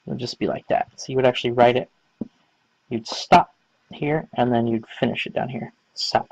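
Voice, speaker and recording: A man's voice: medium pitch, fairly even intonation, normal speed, creaky, dry recording, rough recording. A man casually explaining writing lessons, rambling with many fillers. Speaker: language teacher. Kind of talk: casual instructional talk.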